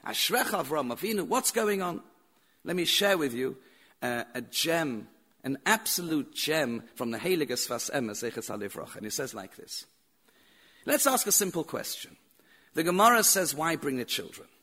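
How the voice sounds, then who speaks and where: A man's voice: fairly high pitch, sing-song, normal speed, pushed and bright. A man teaching a Torah lecture as a rabbi, telling stories with repeated phrases and rhetorical questions.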